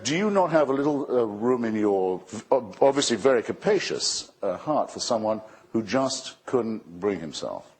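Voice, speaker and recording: A man's voice: fairly low pitch, a little mellow, breathy edge. A man speaking on stage in a playful, mocking way, firing off rhetorical questions.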